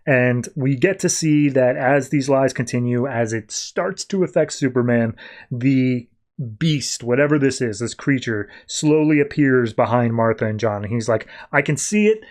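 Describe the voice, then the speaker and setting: A man hosting a podcast, casually recapping a comic book story and slipping into quick voiced quotes of the characters. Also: mid-range voice, a little mellow. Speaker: podcast host.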